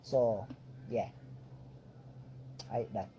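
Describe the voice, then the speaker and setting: Slow, mellow Jamaican-accented man. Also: on the low side, a little hiss or hum, poor audio. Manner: slow, relaxed, patois-flavored English. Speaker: video creator in a played clip. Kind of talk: talking to camera.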